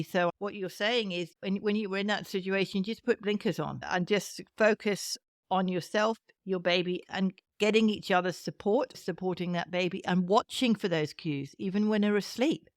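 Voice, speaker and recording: Gentle British woman hosting a podcast. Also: mid-range voice, fairly even intonation, moderate pace, dry recording, studio quality. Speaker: podcast host. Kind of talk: casual chat.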